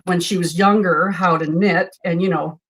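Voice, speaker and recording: A woman's voice: lowish voice, fairly even intonation, moderate pace, a bit bright, slight background noise. Chatty woman in her sixties. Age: 60s. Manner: chatty, storytelling. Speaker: host. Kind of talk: casual chat while sewing.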